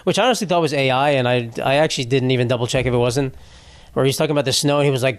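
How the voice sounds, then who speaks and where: A man's voice: medium pitch, very fast, clean tone, no echo. A young man hosting a solo comedy podcast, ranting in a rambling, profane, exasperated way. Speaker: podcast host.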